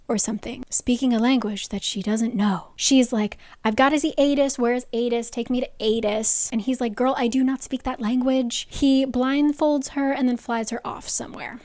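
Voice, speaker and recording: A woman's voice: on the high side, darkish tone, no room sound, studio quality. A young woman with a worn-out voice giving a chatty, sarcastic spoiler recap of a novel, full of "like" asides. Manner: chatty, rambling, lots of "like" asides. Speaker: book summary creator.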